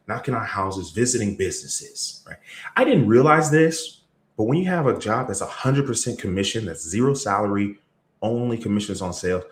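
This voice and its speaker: Energetic man telling a sales story, echoey room. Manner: energetic storytelling, big pitch swings. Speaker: sales trainer. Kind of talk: motivational talk. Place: event room or video call.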